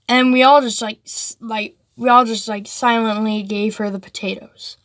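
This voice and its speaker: Rambling high-voiced female storyteller. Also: little pitch movement, normal speed, hardly any pauses, fairly bright tone, dry recording, clean studio sound. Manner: rambling, full of "like" and restarts. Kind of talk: casual storytelling.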